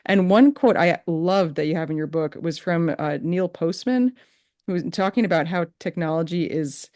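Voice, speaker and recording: A woman hosting a podcast, chatting casually and telling a lively story with laughs. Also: fairly low pitch, moderate pace. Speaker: podcast host. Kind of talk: casual interview chat.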